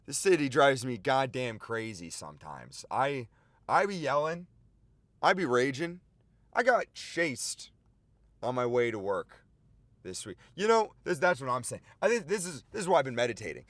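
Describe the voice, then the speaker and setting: A man in his twenties giving a rambling, animated comic monologue from inside his car, swearing often. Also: mid-range voice. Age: 20s. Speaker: podcast host. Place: inside a car while driving and parking.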